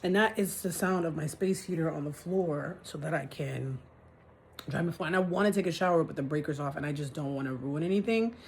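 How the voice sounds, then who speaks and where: A woman's voice: low voice, a little fast, a little hiss or hum. A woman venting in a casual vlog from her apartment, frustrated and ranting, swearing as she talks. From New York City. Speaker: vlogger. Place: apartment, indoors.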